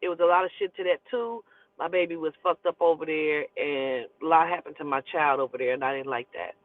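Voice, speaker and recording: A woman telling a personal story in a casual, profane, animated way and acting out the quotes. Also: deep voice, brisk. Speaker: storyteller host. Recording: tinny phone-like line, dry.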